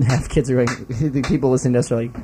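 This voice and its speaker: A man's voice: mid-range voice, brisk, background noise. A man co-hosting a casual talk show, joking with dry sarcasm. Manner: dry, sarcastic, deadpan jokes. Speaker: podcast co-host. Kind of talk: casual banter.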